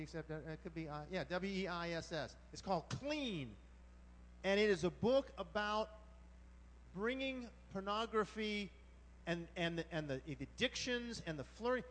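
A pastor delivers a sermon from the pulpit in a strikingly high, fairly bright voice, speaking loosely and animatedly and breaking into exclamations. A long reverb carries his words through the church hall.

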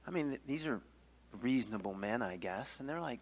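A man's voice: mid-range voice, a little fast. A man teaching a Bible story in a casual, playful way, acting out scenes and joking along the way. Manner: animated, playful, acts out the story with jokes.

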